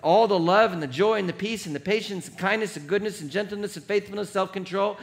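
A middle-aged male pastor giving an animated, jokey sermon, laughing at himself and having the congregation read along aloud. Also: high voice, quick pace.

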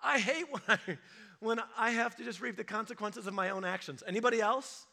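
Bright, lively male pastor preaching. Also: high voice, brisk, gravelly. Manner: animated, acts out quoted voices for humor. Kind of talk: sermon.

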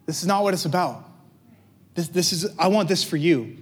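Here a high-voiced male pastor preaches casually at a moderate pace, his intonation lively. He tosses rhetorical questions to the congregation and lightens the scripture readings with small jokes.

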